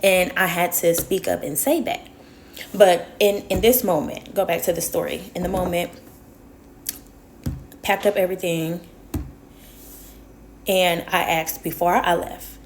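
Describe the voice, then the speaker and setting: A woman's voice: on the low side, fairly even intonation, measured pace, pauses often, a little hiss or hum. A woman vlogger telling a personal story in a casual monologue, emphatic and repeating herself for stress, then giving earnest advice to her viewers.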